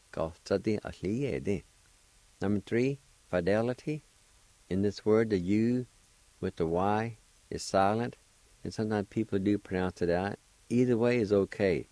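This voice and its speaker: An older man speaks in a fairly low, warm voice at a moderate pace, with no echo, and has a Cherokee-speaking Oklahoma accent. On a radio show, he patiently teaches vocabulary in a slow lesson, spelling out each word and repeating it syllable by syllable.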